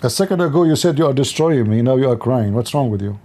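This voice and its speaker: A man's voice: medium pitch, lively intonation, quick pace, warm tone. A man hosting an online debate call, mocking and interrupting his guest and often repeating his words. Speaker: debate host.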